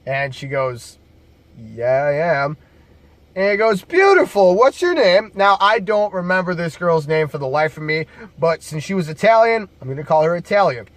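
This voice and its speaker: A man's voice: a little high, lively intonation, fairly quick, few pauses, fairly bright tone, dry recording. A man casually telling bar stories to camera as a bouncer, laid-back, profane and jokey.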